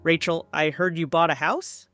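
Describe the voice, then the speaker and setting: A woman's voice: sits low, steady tone, normal speed, fairly bright tone, faint music behind. A woman voicing a middle-aged mother who presses and pleads in a guilt-tripping tone, in a story reading. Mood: pressing.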